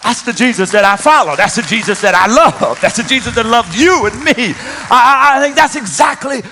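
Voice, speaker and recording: Pastor guy preaching, really high pitched, repeats himself, goes quiet then loud. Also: lively intonation, brisk, a little hiss or hum. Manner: emphatic, repeats and restarts, swings from quiet to loud. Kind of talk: sermon.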